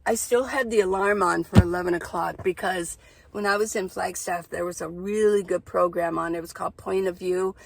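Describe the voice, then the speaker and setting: Woman, casual van-life vlogger, gravelly, talks in loose rambling stories. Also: lowish voice, steady tone, moderate pace, noisy background. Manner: rambling, chatty, storytelling. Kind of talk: casual chat to camera. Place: inside a minivan.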